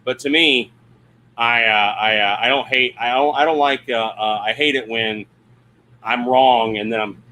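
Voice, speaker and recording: A man hosting a relaxed livestream from inside his camper, his voice bright and forward. He rambles through stories, laughs at himself, and stops to answer comments from the chat. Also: medium pitch, unhurried. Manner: rambling, self-deprecating, laughs often, reads chat comments aloud. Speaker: livestream host. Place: RV camper interior at a campground.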